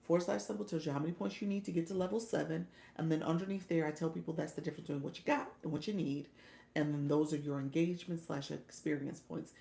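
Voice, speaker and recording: A woman's voice: low voice, steady tone, fast, creaky, dark tone, echoey room. A woman coaching new livestreamers in a casual chat, laughing often and thanking viewers as she reads their comments.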